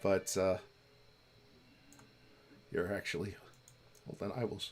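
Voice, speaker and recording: Husky-voiced man hosting a livestream. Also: low voice, flat delivery. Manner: rambling, halting, many restarts, laughs easily. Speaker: podcast co-host running a charity stream. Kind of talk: casual livestream chat.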